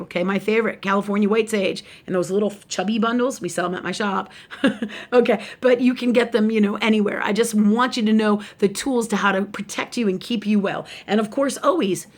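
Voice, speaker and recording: Woman rambling thru a spiritual talk, blunt, swears a lot, keeps restarting her sentences. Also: mid-range voice. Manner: rambling, frank, swears freely, many restarts. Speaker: spiritual teacher and shop owner. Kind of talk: casual live video talk.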